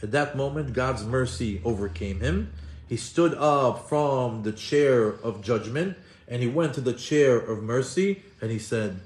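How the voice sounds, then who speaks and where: A man teaching as a rabbi in a storytelling sermon, acting out the quotes in lively bursts and switching between Hebrew quotations and English translation. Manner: animated, acts out quotes with rising pitch and fast bursts. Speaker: rabbi giving a Torah class. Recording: echoey room.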